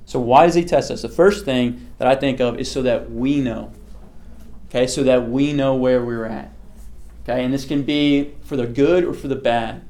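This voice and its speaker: A man's voice: medium pitch, normal speed, darkish tone. Young man, youth pastor, loose conversational sermon, lots of "okay?" and "like," keeps asking the group questions. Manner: conversational, quizzes the listeners, many "like" and "okay" fillers.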